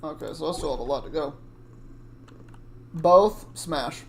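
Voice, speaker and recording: Streaming a video game with game music behind him, a man offers casual commentary, chatting and reacting out loud to the action on screen. His voice sits on the high side and is gravelly and unhurried, with slight background noise.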